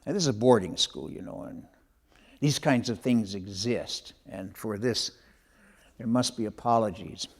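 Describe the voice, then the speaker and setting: An older man, an author, telling a story from his own schooldays in an animated, conversational way. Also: fairly low pitch, unhurried. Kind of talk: spoken memoir storytelling.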